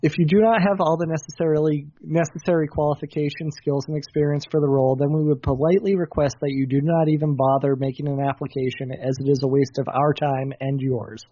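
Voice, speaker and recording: A man with a mellow, darker voice reads news stories aloud in a matter-of-fact way, stumbling now and then. The recording is dry, dull and lo-fi. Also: a little high, fairly even intonation, fast talker, hardly any pauses, dry recording. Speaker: host. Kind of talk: reading news stories on a comedy show.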